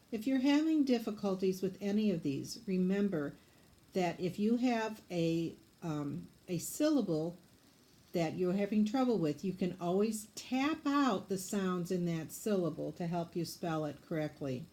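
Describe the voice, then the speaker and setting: A woman teaching spelling, dictating words slowly and patiently and sounding them out letter by letter. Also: on the low side, animated, mellow.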